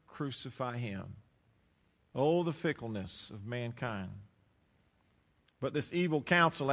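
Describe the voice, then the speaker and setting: A man pastor preaching a sermon, praying and then expounding scripture with rising emphasis and dramatic pauses. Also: high voice, bright, forceful tone, in a large hall.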